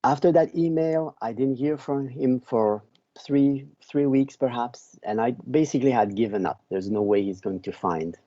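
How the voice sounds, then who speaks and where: A man from Belgium, a podcast guest who tells a long story slowly and often repeats words as he searches for them. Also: medium pitch, mellow, dry recording, lo-fi sound. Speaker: podcast guest, book author.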